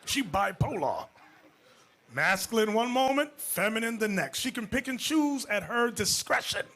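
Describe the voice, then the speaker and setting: A man teaching as bishop, telling stories to a class and swinging into loud, shouted points. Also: extremely high pitch, normal speed. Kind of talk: animated class sermon.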